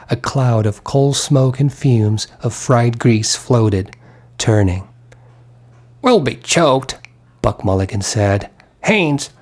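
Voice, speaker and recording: A man narrating a literary audiobook in a measured, deliberate way. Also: mid-range voice, dark tone. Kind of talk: scripted narration.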